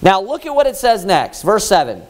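Animated high-voiced male preacher. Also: normal speed. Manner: animated storytelling with rhetorical questions. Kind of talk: Baptist sermon. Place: church.

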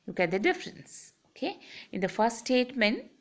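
A woman's voice: fairly high pitch, sing-song, normal speed. A woman lecturing on English grammar, explaining step by step and drawing out her example sentences. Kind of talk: slow, deliberate grammar lesson.

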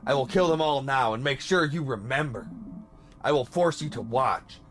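A man voicing a cruel, menacing male king who gloats in a low, slow, taunting voice. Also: a bit bright, soft background music, close to an everyday voice.

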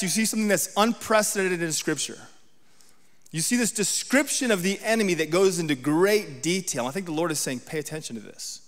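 A man's voice: on the high side, fairly bright tone, in a large hall. A man giving a sermon as a guest preacher, talking conversationally and often checking in with the congregation. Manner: reads scripture aloud with emphasis.

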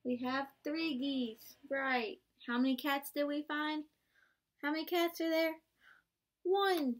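A woman's voice: sits high, fairly even intonation, slow pace. Young woman reading aloud to kids. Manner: interactive and encouraging, asks children to join in; gasps and plays up surprises. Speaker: student teacher. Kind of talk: reading a picture book aloud to young children.

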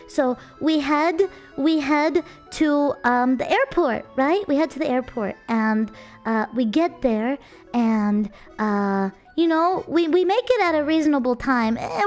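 A young woman streamer telling a story to her chat in a casual, animated way, laughing often and acting out the people in it. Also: sits high. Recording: faint music underneath.

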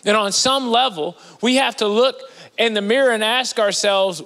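A man preaching in a large church, his voice riding high and sounding bright and forceful. He talks in an animated, conversational way and swings between loud bursts and hushed asides. Long reverb from the big hall trails after his words. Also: normal speed. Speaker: guest preacher. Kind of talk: sermon.

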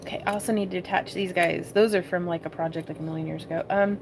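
A woman's voice: on the low side, fairly even intonation, fast, background noise. A woman hosting a casual crafting tutorial livestream from her home craft room. She chats with viewers, giggles often and calls them y'all.

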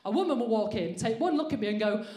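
A woman's voice: fairly high pitch, expressive, fast, mellow. A woman doing a brash, sweary, self-mocking stand-up set on a comedy club stage. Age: 40s. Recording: roomy live venue sound.

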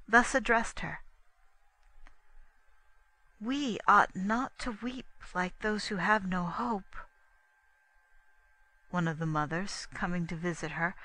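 A woman narrating an audiobook in a measured, even reading. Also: mid-range voice, no room sound, low-quality recording. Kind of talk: scripted narration.

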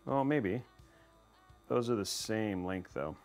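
A man's voice: lowish voice, takes it slowly, a little mellow, faint music behind. A man live-streaming a PC build, talking to his chat in a playful, rambling way and teasing them.

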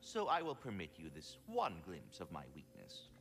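An actor playing a fussy, pompous male squirrel spirit in a video game, speaking in florid, prim phrases and quick to get flustered. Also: low-pitched, wildly swooping pitch, vocal fry, fairly bright tone, heavily acted. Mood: haughty. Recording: game music behind the voice. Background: game music.

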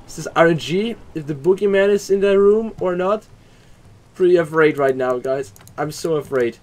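A young man hosting a horror game playthrough, talking loud, swearing and bursting into screams. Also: on the high side, normal speed. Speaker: gaming channel host.

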